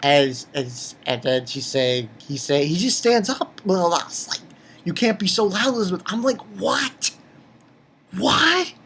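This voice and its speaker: A man giving an excitable, rambling recap of a manga chapter, repeating himself, swearing casually and jumping into high squeaky voices when he quotes. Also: moderate pace, a little hiss or hum. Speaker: manga reviewer.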